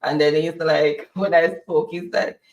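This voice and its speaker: A man from Jamaica with a Jamaican accent, co-hosting a casual chat and telling stories with lively retellings. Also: on the high side, a little slow, highs cut off. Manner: chatty storyteller, mimics others. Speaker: co-host. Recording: roomy, distant from mic.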